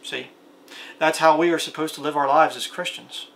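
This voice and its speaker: A man's voice: a little high, fairly even intonation, normal speed, creaky, fairly bright tone. A man preaching a plain-spoken video sermon, reading scripture aloud and asking his listeners rhetorical questions.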